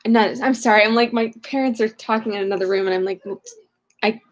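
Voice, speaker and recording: A woman's voice: on the high side, fairly even intonation, a little fast. Chatty, scatterbrained young woman reading. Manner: chatty, scatterbrained, with frequent fillers. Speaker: reader of a novel. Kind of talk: casual chapter recap and reading aloud. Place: home room.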